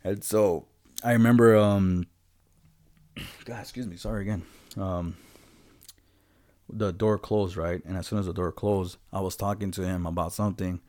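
A man's voice: low voice, steady tone, measured pace, long pauses, darkish tone, dry recording, studio quality. A man co-hosting a podcast, telling stories in a loose, profane, laid-back way. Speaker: podcast co-host. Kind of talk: casual storytelling.

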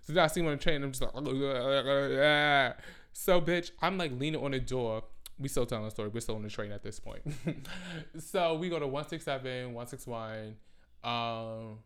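Rambling, profane young podcast host. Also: male voice, mid-range voice, a little fast, clean tone. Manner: rambling, profane, slangy, self-interrupting. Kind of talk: casual storytelling monologue.

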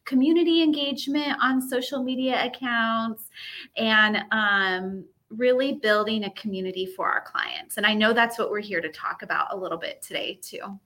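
A bubbly woman talks as a guest on a livestream. Her voice is bright and sits a little high. She chats easily, with fillers and laughter. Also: moderate pace. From United States. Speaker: guest, social media agency owner. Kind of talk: casual interview chat.

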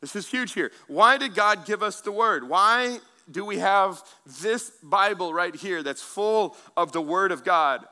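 A man preaches to his congregation in a loose, conversational way, circling back on his words and tossing questions to the room. His voice is strikingly bright and sits a little high for a man. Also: expressive, unhurried, hardly any pauses. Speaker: pastor. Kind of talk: sermon.

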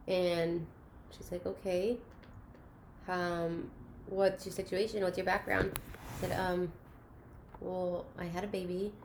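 A woman in candid personal chat, talking in an earnest, open way and often softly. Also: fairly low pitch, level tone, slow pace, pauses often, a little hiss or hum. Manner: earnest, open, soft-spoken at times.

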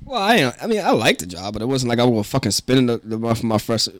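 A man co-hosting a podcast, telling a story in a profane, animated rant and laughing often. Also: mid-range voice, fast, dry recording. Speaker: podcast co-host. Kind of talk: casual ranting chat.

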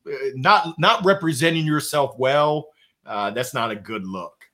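A man guest, a motivational speaker and coach, telling stories in casual podcast talk, laughing often and jumping up in pitch for emphasis. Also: unhurried. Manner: animated storyteller who laughs often and jumps in pitch for emphasis.

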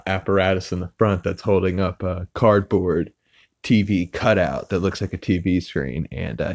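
Recorded cleanly in a studio on a podcast mic with no room sound, this man has a low-pitched, slightly mellow voice. He hosts a podcast and loosely recaps a TV episode, wandering through it with many "uh" fillers and restarts.

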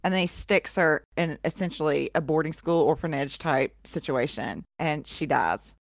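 A woman's voice: deep voice, moderate pace, gravelly, no echo, clean studio sound. Irreverent, swearing woman podcast host. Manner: irreverent and profane, retelling history with asides. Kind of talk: casual podcast chat.

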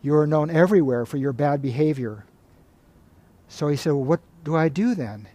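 A man, a monk, giving a spiritual talk in a calm, measured way, retelling stories and reading passages aloud. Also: fairly high pitch.

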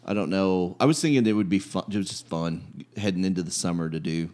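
A man's voice: low-pitched, brisk, darkish tone. A man co-hosting a podcast, joking and telling stories with lots of fillers. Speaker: podcast co-host. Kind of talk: casual chat.

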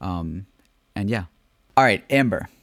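Young man, podcast co-host, joking, lively pitch, dry close recording. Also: a little slow, dry recording. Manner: joking, laughs often. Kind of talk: casual podcast chat.

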